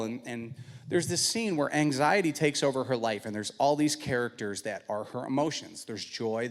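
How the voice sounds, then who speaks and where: A man of middle pitch gives a church testimony, telling stories and acting out conversations. His voice carries the long reverb of a large sanctuary. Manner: animated storytelling, acts out dialogue. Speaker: guest speaker.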